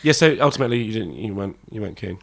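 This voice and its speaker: A man's voice: on the low side, lively intonation, very fast, creaky. A man from England chatting casually on a podcast, often restarting and swearing bluntly. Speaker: podcast co-host. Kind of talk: casual chat.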